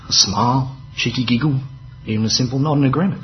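A man's voice: lowish voice, steady tone, a little fast, highs cut off, a little hiss or hum. A man preaching a sermon in a conversational, wry way, with dramatic emphasis and offhand asides.

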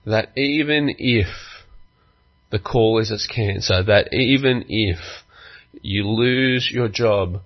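A man preaching a sermon as pastor, telling a story slowly and earnestly and acting out its quotes. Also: lowish voice, lo-fi sound.

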